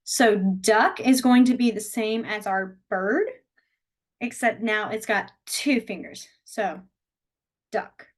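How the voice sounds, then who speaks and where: A woman's voice: medium pitch, slow pace. A woman teaching a beginner sign language class over a video call from a small room, explaining step by step in a chatty way and laughing often.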